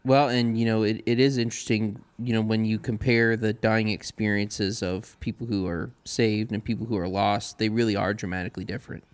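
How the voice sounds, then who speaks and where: A man in casual religious discussion, speaking earnestly and pausing often with fillers. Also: fairly low pitch, steady tone, clear, resonant tone. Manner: earnest, halting with many ums.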